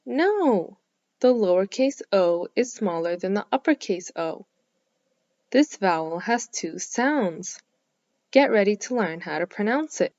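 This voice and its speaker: A woman teaching phonics to young children, speaking slowly and clearly, with lots of encouraging praise and drawn-out vowel sounds. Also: medium pitch, animated, darkish tone, no room sound, highs cut off. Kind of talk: slow, clearly enunciated lesson for young children.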